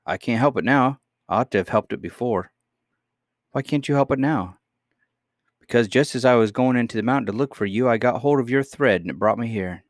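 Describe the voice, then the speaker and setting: A man's voice: medium pitch, fairly quick, no room sound, studio quality, lightly acted. A man voicing an earnest, impulsive young miner boy in a read-aloud storybook.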